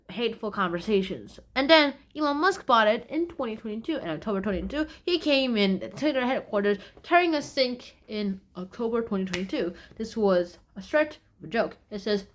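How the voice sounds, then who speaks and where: A woman's voice: on the high side, lively intonation, normal speed, few pauses, fairly bright tone. A woman casually summarizing science news from a magazine, in a loose, rambling way with playful asides.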